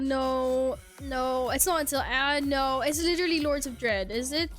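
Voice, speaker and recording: A young woman with a slightly high, steady voice chats breezily with her viewers at a moderate pace and few pauses while gaming on stream. She's playful and self-deprecating, laughs easily, and swears casually, as soft game music hums underneath.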